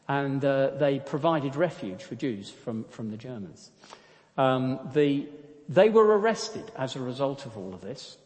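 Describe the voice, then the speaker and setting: A man's voice: medium pitch, a little mellow, in a large hall. A man preaching a sermon, hesitant with many fillers, then reading a story aloud.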